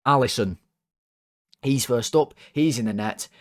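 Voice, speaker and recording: An excitable man hosts his football fan channel, ranting and joking his way through player ratings with plenty of swearing. His voice sits at an ordinary middle pitch but leaps up sharply when he gets worked up. The sound is dry and close. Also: unhurried, dry recording. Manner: excitable, swears, jokey rants with big pitch jumps. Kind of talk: casual football ratings monologue. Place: home.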